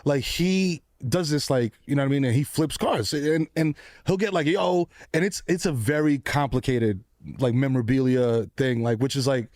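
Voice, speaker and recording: A man's voice: medium pitch, moderate pace, a little mellow, dry recording, clean studio sound. A man hosting a podcast in loose, slangy, filler-heavy casual chat. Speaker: podcast host.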